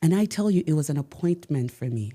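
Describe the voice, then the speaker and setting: A woman with a low, warm, slightly husky voice tells a personal story in a podcast chat. She speaks with emphasis, repeating key phrases and pausing for effect. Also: lively intonation. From United States. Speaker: podcast guest. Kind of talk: conversational storytelling.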